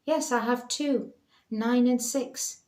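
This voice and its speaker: A woman's voice: on the high side, fairly even intonation, slow, darkish tone, voice pushed up. A woman voicing a caring young student, earnest and concerned. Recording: roomy echo.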